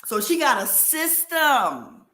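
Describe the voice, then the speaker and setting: A woman guest in a casual chat, telling her story with quick asides and laughs. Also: high voice, huge pitch swings, sharp tone, echoey room.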